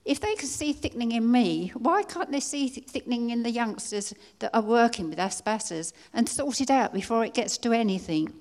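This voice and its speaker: An older woman from England giving an earnest personal testimony at a conference, pleading and halting now and then as she restarts her words. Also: on the high side, lively intonation, darkish tone. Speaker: conference speaker. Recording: long hall reverb.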